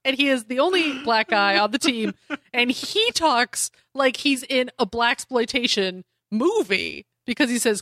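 A woman co-hosting a casual comic-book chat, sarcastic and profane, acting out characters in quick asides. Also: on the high side, expressive, a bit bright, no room sound, studio quality. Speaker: podcast co-host.

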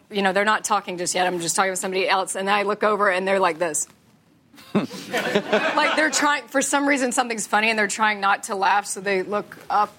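A woman's voice: medium pitch, bright, forceful tone. A woman in her thirties talks openly on a panel, answering questions from fans. She laughs often, swears casually and sounds unguarded. A faint hiss sits under her voice. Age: 30s. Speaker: actress guest at a fan panel.

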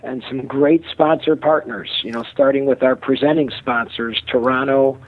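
A man with a Chicago accent, a festival producer being interviewed, speaking haltingly with many fillers and restarts. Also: mid-range voice, fairly even intonation. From Chicago, USA. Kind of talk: phone-in interview. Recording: tinny phone line.

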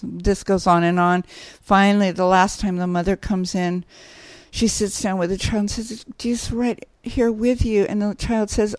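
A woman's voice: medium pitch, flat delivery, moderate pace, no echo. A woman guest in a casual podcast conversation, telling stories in a rambling way with many restarts and easy laughter.

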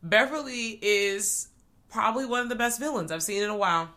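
A woman co-hosting a casual chat about a series, animated and slangy, laughing often. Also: mid-range voice, fairly quick. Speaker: podcast co-host.

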